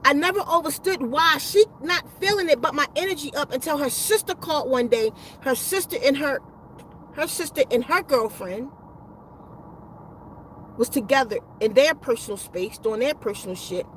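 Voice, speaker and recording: A woman's voice: sits high, moderate pace, fairly bright tone, slight background noise, poor audio. A woman casually telling a rambling personal story, profane and full of slang and restarts. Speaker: spiritual vlogger.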